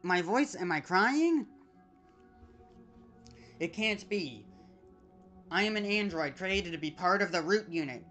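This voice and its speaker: A desperate female android in a video game pleads and then sinks into despair, as a streamer reads her lines aloud. The voice sits in a middling pitch and keeps the flat cadence of someone reading game text off the screen. Soft game music plays faintly underneath. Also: takes it slowly, long pauses. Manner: reading game dialogue aloud with self-corrections.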